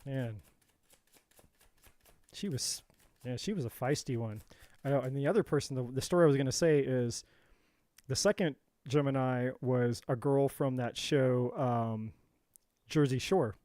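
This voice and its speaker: Unhurried and mellow, with long pauses, this man's medium-pitched voice carries a relaxed live tarot reading where he jokes, rambles off on tangents and speaks to viewers by name. There is no echo.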